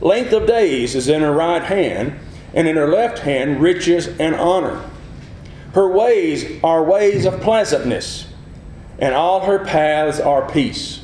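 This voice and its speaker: A man preaching a sermon, teaching earnestly, asking the listeners questions and acting out quick replies. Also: a little high, lively intonation, darkish tone, reverberant, slight background noise.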